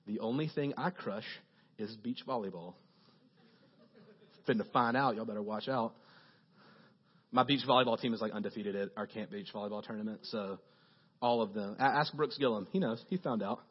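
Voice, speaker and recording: A man preaching a casual, joking sermon as a youth pastor, telling animated stories to his congregation. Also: fairly low pitch, moderate pace, long pauses, slightly rough, highs cut off.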